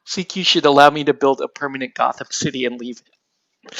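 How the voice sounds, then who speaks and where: A man hosting a casual livestream, rambling excitably and laughing often while he paints miniatures. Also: medium pitch, brisk, vocal fry, dry recording. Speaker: livestream host.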